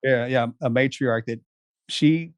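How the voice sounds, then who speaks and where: A man's voice: medium pitch, measured pace, no room sound. A man, a guest telling folksy family anecdotes in a casual way. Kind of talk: casual storytelling.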